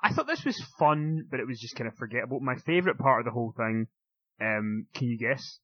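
A man's voice: lively intonation, quick pace, breathy edge, no room sound. A man co-hosting a casual chat, laughing often as he talks. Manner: laughs often, mimics others in shrill voices. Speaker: podcast co-host. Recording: slightly muffled audio.

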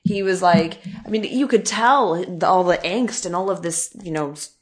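A woman in casual podcast conversation. She talks in an animated, sarcastic way and slips into little impressions of the people she describes. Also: on the low side. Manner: animated, sarcastic, quick to act out quotes. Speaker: podcast co-host. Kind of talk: casual chat recapping wrestling.

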